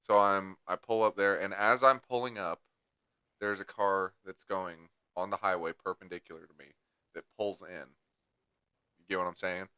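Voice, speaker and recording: Crude, rambling young man with a bright voice. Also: deep voice, steady tone, normal speed, smooth, no room sound, highs cut off. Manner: crude rambling storyteller, heavy swearing. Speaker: podcast co-host. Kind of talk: casual chat.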